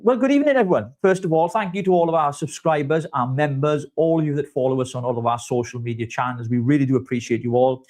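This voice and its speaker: A man co-hosting a live online show in a casual, jokey, flattering way. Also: medium pitch, fast talker, few pauses. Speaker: co-host. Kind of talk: casual live-stream chat.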